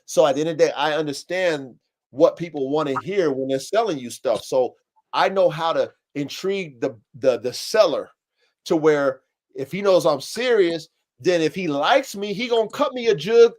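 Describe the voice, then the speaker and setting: A man in his thirties hosting a casual podcast chat, animated and slangy, with blunt profanity and acted-out customer quotes. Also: a little high, normal speed. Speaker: podcast host. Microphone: live-stream call setup.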